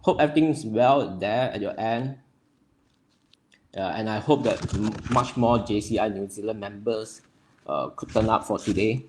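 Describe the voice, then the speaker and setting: A young man from Nepal, hosting a livestream and greeting viewers by name in a friendly, halting way full of fillers. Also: lowish voice, a little mellow. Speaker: livestream host.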